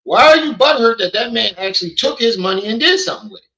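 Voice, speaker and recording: A man's voice: very high-pitched, expressive, quick pace, bright, forceful tone, poor audio. A man hosting a casual livestream, joking and swearing as he talks to his chat. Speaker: livestream host. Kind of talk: casual commentary stream. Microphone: streaming mic.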